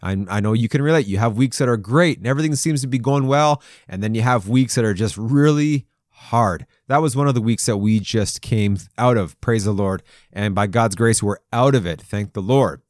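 A man's voice: medium pitch, moderate pace, few pauses, darkish tone, no echo, studio quality. A man hosting a devotional podcast, telling stories in a chatty way and laughing often. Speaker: podcast host.

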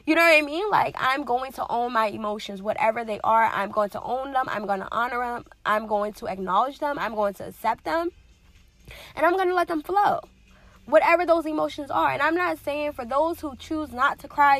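A woman's voice: a little high, brisk, bright, forceful tone, dry recording. A woman in a casual, earnest motivational talk, speaking conversationally with many fillers and repetitions.

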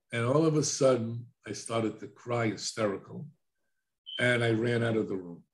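An older man talks plainly as an interview guest. He recounts events in a casual way, voicing the lines of the people involved. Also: mid-range voice. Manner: plainspoken, recounts with quoted dialogue. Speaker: guest, addiction counselor.

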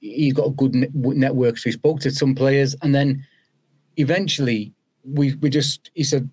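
A man's voice: mid-range voice, normal speed, husky. A man with a British accent, a guest on a podcast, telling his story in a chatty way and acting out what people said. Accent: British English. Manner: animated, acts out quoted dialogue. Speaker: podcast guest, former footballer. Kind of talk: conversational storytelling.

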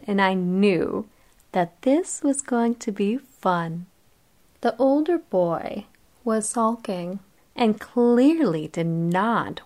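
A woman's voice: medium pitch, darkish tone. A woman reading a first-person story aloud in a cheerful, playful and teasing manner. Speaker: narrator.

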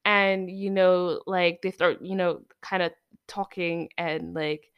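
A woman co-hosting a casual movie-review podcast, retelling scenes in an animated way with excited outbursts. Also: fairly low pitch, slow, clear, resonant tone, lo-fi sound. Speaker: podcast co-host.

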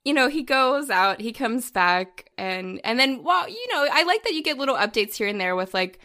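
A woman's voice: a little high, big pitch swings, normal speed, bright, forceful tone. A woman co-hosting a casual film podcast, gushing and laughing as she retells scenes and acts out quoted lines. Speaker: podcast co-host. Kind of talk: casual chat.

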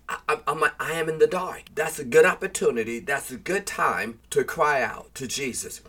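A man's voice: on the high side, fairly bright tone. A man preaching a sermon, reading scripture aloud and urging listeners in an earnest tone. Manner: earnest preaching that mixes read scripture with plain exhortation.

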